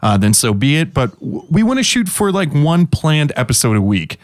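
A man co-hosting a podcast in relaxed chat, his pitch rising and falling in an animated way. He curses easily and laughs often. The sound is close and dry, with no room around it. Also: moderate pace, no room sound. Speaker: podcast co-host. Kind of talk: casual chat.

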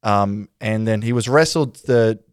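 A man's voice: on the low side, a little slow, clean tone, no echo, studio quality. A man hosting a casual podcast chat, telling local history with swearing and laughter. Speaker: podcast host.

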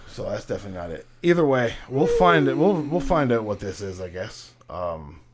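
Brief: young male podcast host, loose and profane, drifting quieter at times. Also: lowish voice, sing-song, moderate pace, very noisy. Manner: profane, laughing, trailing off quietly. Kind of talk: casual chat.

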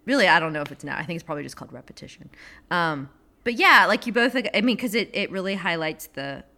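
A woman's voice: on the low side, sing-song, fast talker, sharp tone. A woman talking in a casual literary discussion. She rambles, corrects herself often and laughs between thoughts.

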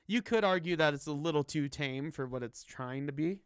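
A man's voice: on the high side, brisk, clear, resonant tone, dry recording. A young man co-hosting a casual drinking podcast, laughing often and joking loosely. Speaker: podcast co-host.

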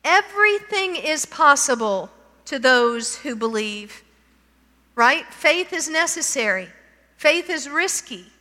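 A woman preaching at an unhurried pace, her voice high and bright. She reads scripture aloud and keeps turning to ask her listeners questions. Long reverb trails each phrase. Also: animated. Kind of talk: sermon.

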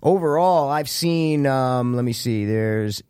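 A young man co-hosts a casual podcast in a loose, rambling way, dropping swear words as he goes. His voice sits at an ordinary pitch, and the recording is dry and close with no room sound. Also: slow pace, a little mellow, smooth, no room sound. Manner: laid-back, rambling, swears often. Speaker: podcast co-host. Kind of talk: casual chat.

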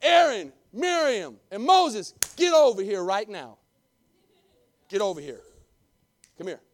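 Brief: preacher doing a mad, booming God, barking orders, high and loud. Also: male voice, big pitch swings, takes it slowly, exaggerated voice. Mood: angry. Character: angry commanding God summoning people.

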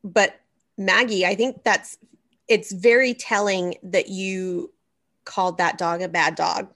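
A woman hosting a casual chat with a wry, cynical streak. She talks emphatically at a mid pitch. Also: steady tone, takes it slowly, a bit bright. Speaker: podcast host.

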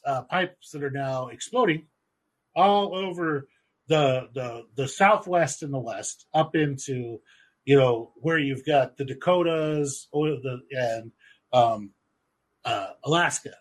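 A man in casual podcast chat, swearing freely and rambling through fillers in an animated, husky voice. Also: fairly high pitch, slow.

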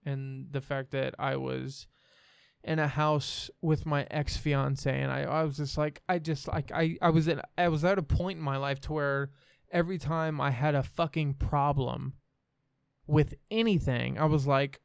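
A young man speaks as a podcast guest in a smooth, clear voice. He is frank and rambling and swears freely. The sound is close and dry. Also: a little high, fairly even intonation, a little slow, no room sound. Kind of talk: candid personal storytelling.

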